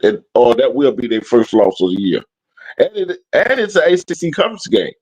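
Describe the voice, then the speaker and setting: Brief: male co-host, loose halting talk, dull lo-fi sound, mid pitch. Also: very animated, a little mellow, slightly rough. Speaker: co-host panelist. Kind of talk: casual sports talk. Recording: muffled low-quality audio.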